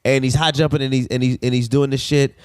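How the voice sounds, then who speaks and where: A man co-hosting a podcast, telling a long story in a rambling, profane, animated way. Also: medium pitch, fast, smooth, dry recording, studio quality. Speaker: podcast co-host. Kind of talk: casual storytelling chat.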